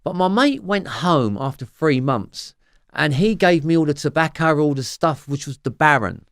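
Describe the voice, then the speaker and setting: A Cockney man talks as an interview guest, rambling and swearing as he tells his story. He fills his sentences with "you know" and "like," and his voice swings from loud bursts to quiet asides. The sound is close and dry, with no room around it. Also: a little high, lively intonation, moderate pace, no room sound. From London, England. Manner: rambling and profane, full of fillers.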